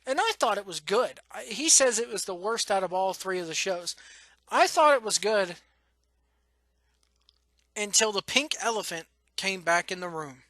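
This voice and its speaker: A man's voice: high voice, moderate pace, few pauses, fairly bright tone, dry recording. A man hosting his podcast, venting frankly and emotionally, cursing and restarting his sentences. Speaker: podcast host. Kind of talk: blunt personal rant.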